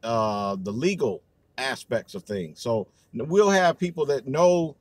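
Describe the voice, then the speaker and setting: Brief: male livestream host, mid pitch, AAVE speech, rambling and cussing, dry close sound. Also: animated, slow pace, no room sound. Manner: loose, profane, rambling with many fillers. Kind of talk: casual livestream talk.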